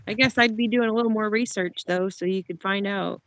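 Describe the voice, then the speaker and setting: A woman co-hosting a casual chat, reading viewer comments aloud in a relaxed, easygoing way. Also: medium pitch, a little fast.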